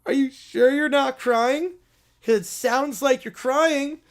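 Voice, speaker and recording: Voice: sits high, slow. A streamer playing a smug rival fan who mocks and talks down in a comedy skit on a live stream. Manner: mocking, condescending.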